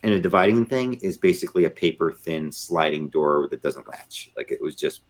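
A man's voice: very deep voice, normal speed. A middle-aged man, a former Marine officer, telling a story in a casual interview and acting out the voices of the people in it. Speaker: podcast guest, retired Marine officer.

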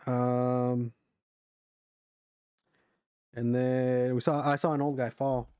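Young guy, casual chat, loose profane storytelling, dry room, mid pitch. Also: flat delivery, takes it slowly, mellow, clear, resonant tone, dry recording. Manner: rambling, profane, filler-heavy storytelling. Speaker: storyteller among friends.

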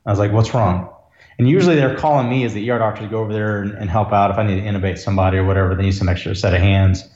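Earnest low-voiced doctor, roomy sound. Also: male voice, steady tone, very fast, darkish tone, lo-fi sound. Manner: earnest, reflective, emotional at times. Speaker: ER physician, podcast guest. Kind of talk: conversational storytelling.

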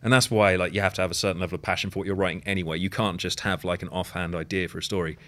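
Co-host, deep-voiced man with a bright edge, wry and sweary. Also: steady tone, racing. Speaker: podcast co-host. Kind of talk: casual chat.

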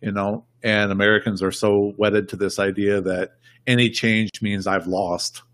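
A man's voice: lowish voice, flat delivery, a little slow, a bit bright, no echo, studio quality. A man talking politics in a casual podcast chat, rambling and emphatic, often repeating himself. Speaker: podcast guest.

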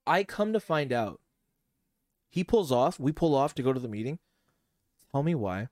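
A young man on a casual podcast, telling a long story among friends in an animated, rambling way and acting out what people said. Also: fairly high pitch, normal speed, pauses often, no echo, clean studio sound. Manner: rambling, animated, acts out quotes. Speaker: podcast co-host.

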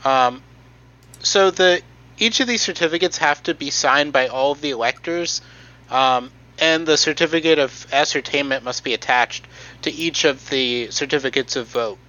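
A man's voice: on the high side, moderate pace, pushed and bright, muffled recording. A man on a podcast explaining a process from notes, hesitant and matter-of-fact with frequent ums. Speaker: podcast host presenting research.

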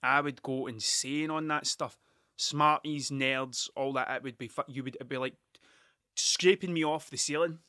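Speaking at medium pitch with a steady tone and moderate pace, this vlogger has a sharp-sounding voice. He is Scottish, in his thirties, and tells stories in a relaxed, rambling manner, swearing a lot, going off on tangents and interrupting himself. The recording is dry and clean, studio grade.

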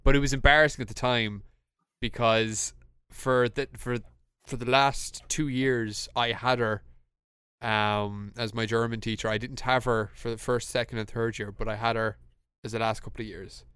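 A young man with an Irish accent, a podcast co-host telling a story in casual chat, animated and laughing, with lots of restarts. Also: medium pitch, normal speed, clear, resonant tone, no echo, studio quality.

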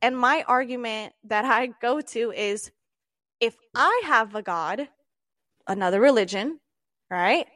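A woman with a fairly high voice argues her side in a casual podcast debate. She talks at length, explaining things step by step and stumbling over words now and then. The sound is dry and close, with no room around it. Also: measured pace, fairly bright tone, no echo. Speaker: podcast co-host.

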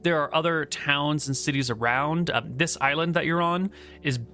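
A man's voice: on the high side, moderate pace, pushed and bright. A man narrating as game master in a tabletop game, casual and descriptive, with frequent filler words.

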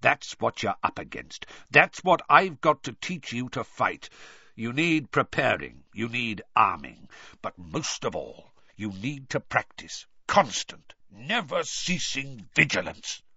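A man voicing a gruff, scarred old wizard teacher who barks and drills his words. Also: medium pitch, sing-song, slow pace, pushed and bright, no echo, heavily acted. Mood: stern lecturing. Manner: barking, drilling, emphatic. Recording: dull dry recording.

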